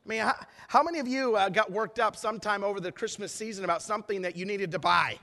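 Middle-aged pastor guy, high bright voice, chatty emphatic sermon, long echo in a big hall. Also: fast. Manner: emphatic, conversational preaching with rhetorical questions. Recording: echoey hall with long reverb.

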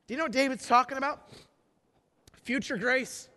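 A man preaching a sermon, animated, swinging between loud shouts and hushed prayer. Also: extremely high pitch, moderate pace, long pauses. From northern Wisconsin. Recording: long hall reverb.

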